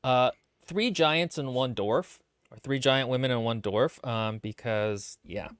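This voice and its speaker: A man co-hosting a casual book-club podcast stream, talking in quick, joking asides. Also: medium pitch, a bit bright, clear, resonant tone, dry recording, clean studio sound. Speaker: podcast co-host.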